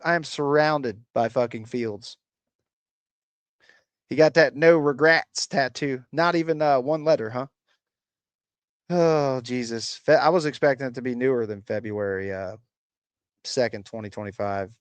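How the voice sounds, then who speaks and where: Man, livestream host, profane, mocking, rambling, mid pitch, dry close sound. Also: takes it slowly, pauses often, dry recording. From United States. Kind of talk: casual livestream chat reacting to comments. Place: rural home.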